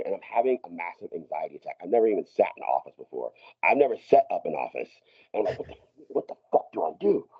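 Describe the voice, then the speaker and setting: A man's voice: lowish voice, slightly rough. Profane rambling man, dull lo-fi audio. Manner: profane, rambling, many restarts and laughs. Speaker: podcast guest. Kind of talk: casual storytelling.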